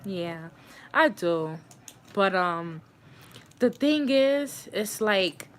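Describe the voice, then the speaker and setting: A young woman hosting her own livestream, telling a personal story in a casual, animated way. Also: medium pitch, very slow, slight background noise. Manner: animated, acts out quoted voices. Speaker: livestream host.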